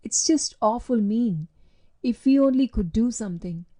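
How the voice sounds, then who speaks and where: A woman's voice: on the high side, animated, normal speed, dark tone. A woman voicing a bold, determined young girl who speaks firmly and decisively in a storybook reading. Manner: firm and decisive.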